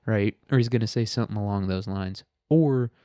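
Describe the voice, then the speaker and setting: A man's voice: on the low side, brisk, dark tone, no room sound. A man hosting casual current-events commentary, talking in a crude, blunt, sarcastic way. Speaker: podcast host.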